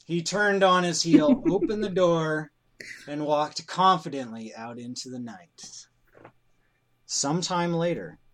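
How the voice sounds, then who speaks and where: Slow deadpan male storyteller. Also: fairly high pitch. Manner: deadpan, drawn-out delivery punctuated with crude insults. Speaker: podcast co-host and storyteller. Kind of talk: improvised comic narration.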